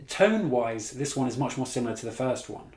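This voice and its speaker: A man's voice: mid-range voice, animated, brisk, a little mellow. A man giving a casual movie review, blunt and sweary, mocking what he disliked. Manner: blunt, sweary, exasperated, laughs at his own mockery. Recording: echoey room.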